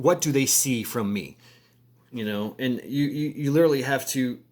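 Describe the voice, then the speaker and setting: A man talking casually to camera in a halting, rambling way, full of fillers, restarts and crude slangy asides. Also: mid-range voice. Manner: halting, many repeated words and fillers. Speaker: vlogger.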